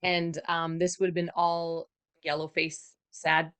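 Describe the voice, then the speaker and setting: A woman co-hosting a podcast, reading her notes in an expressive, exasperated way. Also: deep voice, slow pace, clean tone. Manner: expressive, exasperated, animated asides. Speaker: podcast co-host.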